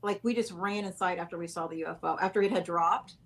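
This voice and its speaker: A woman's voice: lowish voice, quick pace, a bit bright. A woman guest in a casual interview, telling a long story in a rambling way, correcting herself and laughing often.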